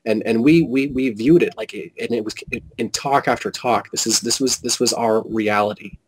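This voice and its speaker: A man telling a personal story as an interview guest, animated and quoting whole conversations with frequent restarts. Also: medium pitch, moderate pace, a little hiss or hum, poor audio. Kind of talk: casual storytelling.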